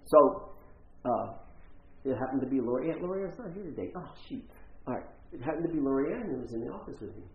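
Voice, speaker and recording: Lively storytelling pastor in a roomy church. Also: male voice, medium pitch, fast talker. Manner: storytelling with acted-out quotes. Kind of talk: sermon. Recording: roomy, slightly dull church recording.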